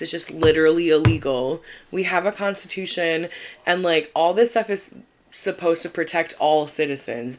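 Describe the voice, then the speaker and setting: A young woman co-hosting a podcast, talking in a casual, rambling way with lots of fillers and restarts. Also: low-pitched. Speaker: podcast co-host. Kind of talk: casual chat.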